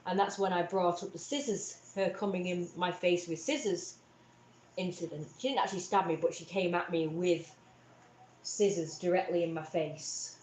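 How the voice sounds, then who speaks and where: A woman's voice: fairly low pitch, normal speed, a little mellow, echoey room, slight background noise. A young woman hosting a livestream, retelling a family conflict in a rambling, upset way with many restarts. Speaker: livestream host. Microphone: webcam or phone on a livestream.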